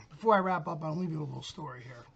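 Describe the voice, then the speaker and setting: A man's voice: a little high, expressive, quick pace, lo-fi sound. A middle-aged man hosting his own channel, telling a story in a blunt, profane rant. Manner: blunt, gruff, cursing storyteller. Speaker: channel host.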